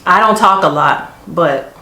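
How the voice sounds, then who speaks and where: Doing her makeup in an echoey room, a middle-aged Army senior NCO shares stories in a firm yet casual, chatty way. She speaks a little slowly, her lowish voice carrying a sharp tone.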